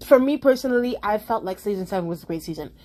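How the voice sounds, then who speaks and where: A young woman, rambling through a casual opinion vlog and restarting her sentences often. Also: fast. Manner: rambling, restarts often, animated swings in pitch. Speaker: vlogger.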